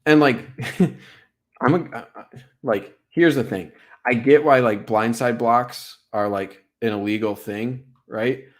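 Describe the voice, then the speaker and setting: Excitable young man breaking down football film. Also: medium pitch, takes it slowly. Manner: excitable, filler-heavy, lots of "like" and "right?". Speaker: sports streamer breaking down game film. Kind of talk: casual live-stream film breakdown.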